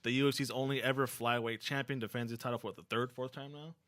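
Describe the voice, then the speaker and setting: A man hosting a casual sports podcast, upbeat and quick, laughing often. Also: medium pitch, fairly even intonation, fairly bright tone. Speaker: podcast host.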